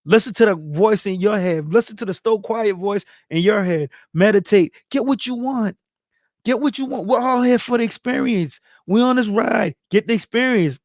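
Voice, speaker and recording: Man, high voice, dry close sound, hyped shout-outs, speech, casual livestream host. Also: moderate pace, dry recording. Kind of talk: casual livestream chat reading viewer comments.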